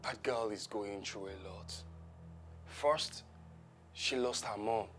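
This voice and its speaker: A man's voice: lowish voice, slow, a bit bright, faint music behind. A man playing a tired father who soothes his crying daughter and pleads with his partner, in a family drama skit. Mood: pleading. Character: weary father torn between daughter and partner. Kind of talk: amateur family drama acting.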